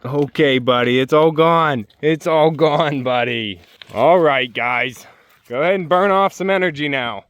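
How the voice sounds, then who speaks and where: A man on a farm outdoors, gently and playfully coaxing his animals in casual talk. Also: a little high, measured pace, clear, resonant tone, no room sound. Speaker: homestead vlogger.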